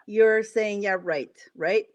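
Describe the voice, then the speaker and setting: A woman's voice: medium pitch, takes it slowly, lo-fi sound. A woman acting as a spiritual coach on a live stream, repeating instructions and guiding listeners through affirmations. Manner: repetitive, coaxing instructions.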